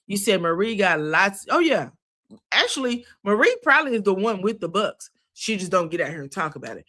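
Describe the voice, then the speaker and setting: A woman's voice: medium pitch, pushed and bright. A woman giving a chatty, sassy recap of a reality show, full of asides. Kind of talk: casual recap commentary.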